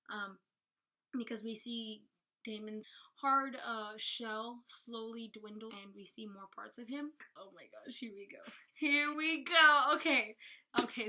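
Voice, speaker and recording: A woman's voice: fairly high pitch, sharp tone. A young woman giving a chatty, giggly book review in a casual vlog.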